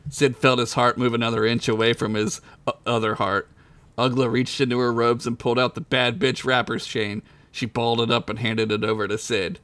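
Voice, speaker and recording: A man's voice: medium pitch, little pitch movement, fairly quick, fairly bright tone, no echo. Man reading a comic story aloud. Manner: casual, laughs into his own lines. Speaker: podcast storyteller.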